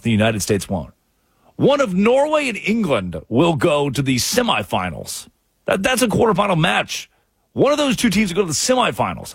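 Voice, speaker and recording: Husky, sarcastic male sports radio host. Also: no echo, clean studio sound. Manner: sarcastic and animated, with sudden jumps in pitch. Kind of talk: sports talk radio monologue. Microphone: studio microphone.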